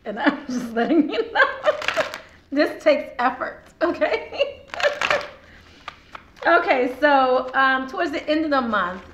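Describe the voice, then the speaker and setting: Woman with a sore throat doing a chatty tarot reading, kinda high voice, echoey room. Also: animated, takes it slowly, long pauses, a bit bright. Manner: chatty, laughs often, talks straight to viewers. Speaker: tarot card reader. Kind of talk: casual tarot reading to camera. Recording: roomy echo, faint background noise.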